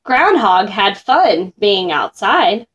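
A woman reading a rhyming children's picture book aloud, slow and expressive. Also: mid-range voice, breathy edge, lo-fi sound. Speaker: storyteller.

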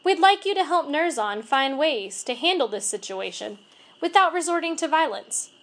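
A calm male school principal lays out policy in formal, measured words, voiced by a woman reading aloud. The delivery is high-pitched with a lively lilt. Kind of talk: storybook reading.

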